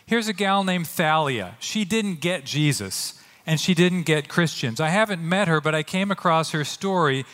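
A man preaching a sermon as pastor, earnest and animated, often acting out quotes. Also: fairly high pitch, moderate pace, big-room sound. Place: church sanctuary.

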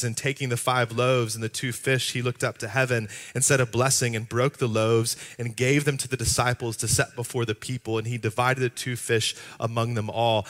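Bright-voiced man preaching. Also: mid-range voice. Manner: conversational preaching with playful asides. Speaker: pastor. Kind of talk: sermon.

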